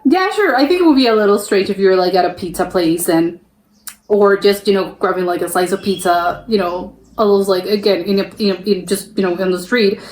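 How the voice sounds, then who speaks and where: A young woman from the United States hosting a reaction video, rambling casually with lots of fillers and restarts. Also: mid-range voice. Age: young adult. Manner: rambling, full of fillers and restarts, laughs easily. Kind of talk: casual chatty reaction commentary. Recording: echoey room.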